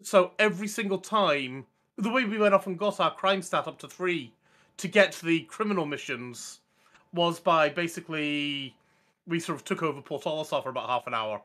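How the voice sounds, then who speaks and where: A man rambles through an excited gaming anecdote, restarting sentences as he goes. His voice sits fairly high and sounds bright and forceful. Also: moderate pace. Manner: rambling, enthusiastic storytelling with many restarts. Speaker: podcast co-host. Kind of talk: casual gaming chat.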